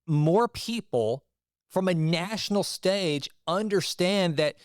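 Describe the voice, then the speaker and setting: Podcast host, middle-aged man, conversational and digressive, fairly high voice, dry close sound. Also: slow pace, dry recording. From Texas. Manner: conversational, digressive, chatty asides. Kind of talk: casual monologue reading and commenting on an article.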